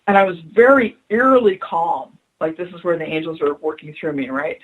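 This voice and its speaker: A woman's voice: deep voice, expressive, normal speed, breathy edge, narrow, tinny audio. A woman being interviewed on radio as a spiritual adviser, telling stories earnestly and repeating her key phrases for emphasis. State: choked up.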